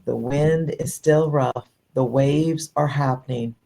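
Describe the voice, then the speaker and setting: A woman's voice: rumbling low, slow, creaky, mellow. A woman co-hosting a faith podcast, speaking thoughtfully in a musing, casual way. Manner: thoughtful, musing, many fillers. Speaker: podcast co-host.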